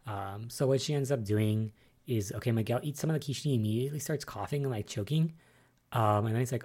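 In a relaxed solo podcast, the host rambles through soap episode recaps, musing aloud with many fillers, eager yet cautious about spoilers. Their voice is medium-pitched, husky and fairly quick.

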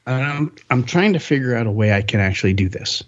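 A man's voice: medium pitch, animated, fast, dull audio. A man hosting a podcast in casual, rambling, upbeat chat. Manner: rambling, upbeat, self-correcting. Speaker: podcast host.

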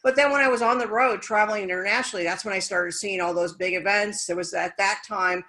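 A woman tells her story on an interview show with real energy, acting out the lines she quotes from other people. Her voice is bright and forward, with an easy, conversational flow. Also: mid-range voice, fast talker, poor audio. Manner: energetic, animated, acts out quoted dialogue. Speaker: guest, speaker and business coach.

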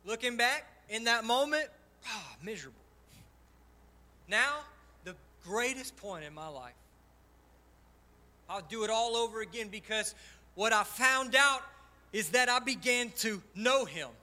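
A male pastor preaching an impassioned sermon, swinging between loud and soft as he gives personal testimony. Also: very high-pitched, lively intonation, unhurried, long pauses. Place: church sanctuary.

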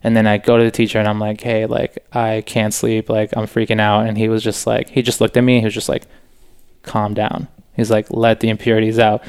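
Young male podcast guest, earnest and casual, lowish smooth voice with little melody, heavy on fillers. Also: fast talker, few pauses. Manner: relaxed, earnest, many "like" and "you know" fillers. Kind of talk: casual interview chat.

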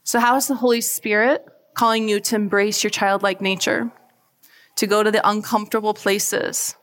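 A woman giving a faith talk to a live audience, chatty and animated, often asking the crowd questions. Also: medium pitch. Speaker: speaker at a church event. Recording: long hall reverb.

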